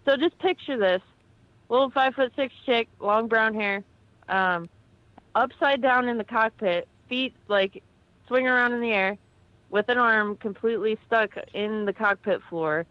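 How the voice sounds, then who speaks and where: A woman, an army veteran, telling a lively story as a podcast guest and jumping into a high yelp when she quotes herself. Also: measured pace, no echo, highs cut off. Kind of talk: casual anecdote on a podcast.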